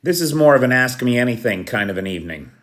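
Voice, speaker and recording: A man's voice: mid-range voice, sing-song, quick pace, a bit bright. A man hosting a casual live stream, greeting viewers by name and chuckling at his own jokes. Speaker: livestream host. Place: Kyiv.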